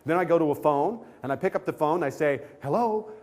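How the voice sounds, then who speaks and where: A man's voice: on the high side, fast talker. A male comedian telling a comic anecdote on a talk show, acting out the voices of the people in it. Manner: animated storytelling, acting out quoted voices.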